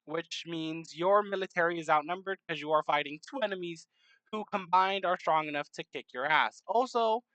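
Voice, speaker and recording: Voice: mid-range voice, moderate pace, bright, forceful tone, no echo, low-quality recording. A young adult narrating a map timelapse series in a casual, rambling way, with many fillers, self-corrections and joking asides. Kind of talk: casual game commentary.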